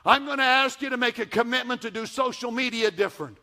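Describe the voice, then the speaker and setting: Bright, high-voiced preaching pastor. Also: male voice. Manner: dynamic preaching, swinging between hushed and loud emphatic lines; repeats key phrases, slows down for emphasis. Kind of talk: sermon.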